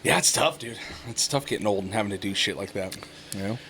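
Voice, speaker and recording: A man's voice: fairly low pitch, fast, bright, forceful tone, a little hiss or hum. A middle-aged man co-hosting a podcast, chatting casually, swearing freely and breaking into laughter as he tells family stories. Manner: profane, laughs a lot while telling stories. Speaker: podcast co-host. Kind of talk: casual chat.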